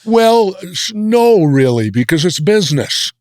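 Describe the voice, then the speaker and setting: An older American man telling blunt, gruff stories in a sit-down interview. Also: high voice, sing-song, a little slow, a little mellow, no room sound, clean studio sound. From United States. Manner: gruff, blunt anecdotal storytelling. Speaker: interview guest. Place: indoor interview set.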